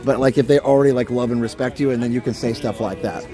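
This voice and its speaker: A man's voice: mid-range voice, steady tone, fast talker, over music. A man hosting a casual live stream from a theme park at night, chatting and reading out viewer comments.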